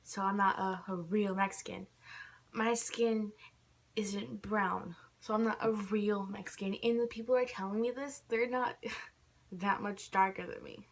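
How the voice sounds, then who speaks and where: Here an irritated young woman vlogs a casual rant, her medium-pitched voice measured in pace and fairly even in intonation. "Like" turns up in her talk again and again.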